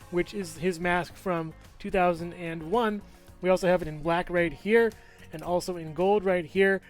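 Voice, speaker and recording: A man giving a casual, upbeat toy review, chatting as he handles the figure and points out its parts. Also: high-pitched.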